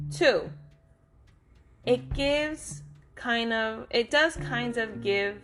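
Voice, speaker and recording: Earnest motivational woman over guitar music. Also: a little high. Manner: earnest, direct, addresses listeners as "you"; talks with lots of "okay?" and "right?" check-ins. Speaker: motivational speaker. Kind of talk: casual motivational monologue. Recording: guitar music playing behind the voice.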